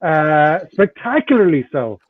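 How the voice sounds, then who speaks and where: A man's voice: on the high side, sing-song, measured pace. A man co-hosting a comedy podcast, making wry remarks. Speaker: co-host. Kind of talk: casual comedy podcast chat. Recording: tinny phone-like call line, dry.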